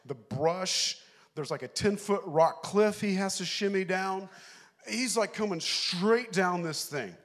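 Animated man telling a sermon story. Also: a little high. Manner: animated, laughing at his own story, shouting quoted lines. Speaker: pastor.

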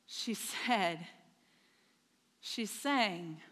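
A woman's voice: mid-range voice, lively intonation, extremely slow, fairly bright tone, in a large hall. A woman preaching a sermon in church, telling a story and checking in with the congregation. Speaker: pastor's wife preaching. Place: church sanctuary.

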